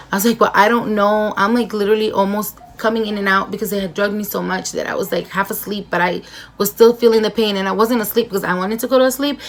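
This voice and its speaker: An adult woman talks straight to her viewers in a casual storytime vlog. She rambles and backtracks with animated energy, breaking off for chatty asides. Her pitch sits in a middling range. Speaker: vlogger. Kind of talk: casual storytime chat while doing makeup.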